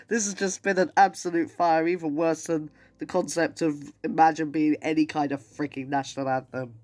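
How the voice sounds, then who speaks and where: Sarcastic man, slightly high voice. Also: fairly even intonation, moderate pace, few pauses, a little mellow. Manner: sarcastic, mocking, laughs often. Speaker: commentary video host. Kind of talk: casual reaction commentary.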